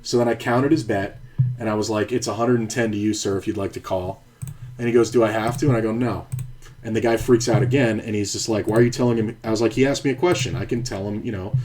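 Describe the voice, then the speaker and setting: Lowish guy, mellow tone, rambly swear-y poker stream storytelling. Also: steady tone, fast. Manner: rambling, profane, restarts sentences. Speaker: poker streamer and former card dealer. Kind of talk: casual storytelling while playing.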